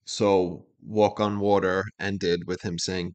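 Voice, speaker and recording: A man co-hosting a casual music reaction chat, explaining songs in a relaxed, thinking-aloud way. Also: low voice, slow pace. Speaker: co-host breaking down songs.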